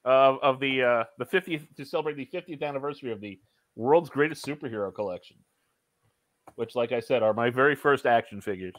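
A man's voice: medium pitch, fairly quick. A middle-aged man in casual chat, showing his collection with dry self-deprecating humor.

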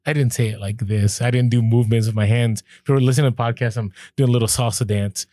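A fast-talking man with a mid-range voice co-hosts a podcast, telling stories in a casual, animated way and acting out the back-and-forth he quotes. No echo; studio-quality recording.

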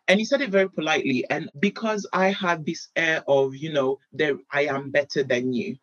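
A woman's voice: low-pitched, moderate pace, hardly any pauses, no room sound. A young adult woman from Europe, a podcast guest, candidly telling dating stories and animatedly acting out old conversations. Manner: animated, acts out past conversations, laughs often. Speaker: anonymous guest. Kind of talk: candid personal storytelling. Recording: dull lo-fi sound.

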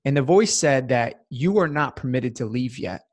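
A man's voice: medium pitch, expressive, moderate pace. A man, a guest in a casual interview, telling a personal story in an earnest, heartfelt way with many fillers. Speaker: podcast guest.

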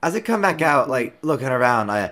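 A man's voice: medium pitch, very animated, brisk, fairly bright tone. Guy player describing his gear, keeps trailing off, very up-and-down voice. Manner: hesitant, trailing off while thinking aloud. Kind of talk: tabletop game player talk.

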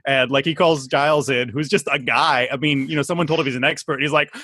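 A man's voice: medium pitch, steady tone, fast, pushed and bright, slightly rough, dry recording. A man talking on a podcast in casual chat, rambling with many fillers like "like" and "I mean".

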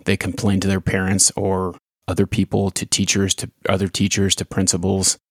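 A man's voice: low voice, creaky, darkish tone, breathy edge, dry recording, clean studio sound. A man who used to coach baseball, hosting a short podcast episode and reflecting in a plain, conversational way. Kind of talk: casual spoken podcast with read-aloud story.

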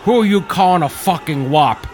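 A man voicing a brash, swaggering young airman who shouts taunts. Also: on the high side, expressive, moderate pace, a faint crowd, pitched above the performer's own voice, lightly acted. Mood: furious.

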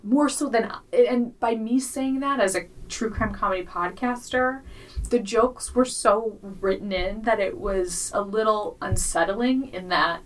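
A woman's voice: medium pitch, unhurried, recorded from a distance, low-quality recording. A woman co-hosting a comedy podcast, chatting casually and playfully, swearing freely as she tells a story. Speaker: podcast co-host.

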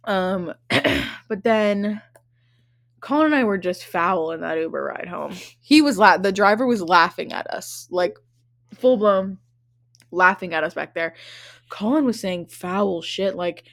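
A woman's voice: mid-range voice, lively intonation, a little slow, creaky, no room sound. Profane young woman podcast host, dry close sound. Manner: profane, rambling, laughs often. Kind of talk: casual storytelling chat.

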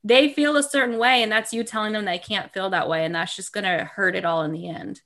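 A woman with a bright, clear tone talks earnestly in a casual podcast chat. She sounds reassuring and keeps agreeing with "totally". Her pitch sits in a middle range. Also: steady tone, a little fast.

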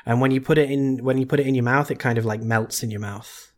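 Relaxed man podcast cohost. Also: medium pitch, fast talker. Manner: relaxed, jokey, hesitant fillers. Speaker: podcast co-host. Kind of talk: casual chat.

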